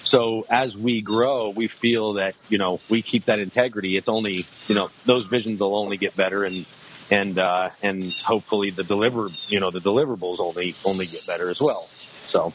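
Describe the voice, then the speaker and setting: A man's voice: lowish voice, steady tone, fairly quick. A man, a guest on a podcast, talking casually about his outdoor show. He rambles, restarting his sentences and filling them with "you know" and "um.". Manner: rambling, many restarts and fillers. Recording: slightly dull lo-fi sound, faint noise.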